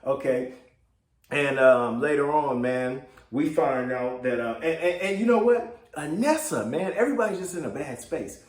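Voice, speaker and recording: A man's voice: on the high side, lively intonation, moderate pace. A man giving a loose, casual recap of a TV episode, chatty and full of fillers. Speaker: TV show recap blogger. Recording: roomy echo.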